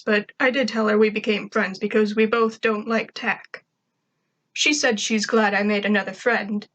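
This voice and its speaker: A woman's voice: a little high, fairly bright tone, rough recording. A woman reading a first-person story aloud in a snarky, conversational way. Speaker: fan fiction reader.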